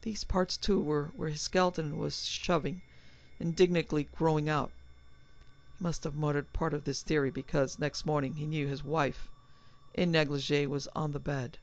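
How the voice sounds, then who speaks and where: Gravelly woman narrating a horror story. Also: low voice. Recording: slightly dull, dry recording.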